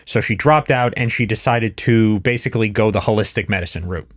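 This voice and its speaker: A man's voice: on the low side, a little fast, dry recording, clean studio sound. A man hosting a podcast, chatting casually and explaining at length with many restarts and fillers. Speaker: podcast host. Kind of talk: casual conversation.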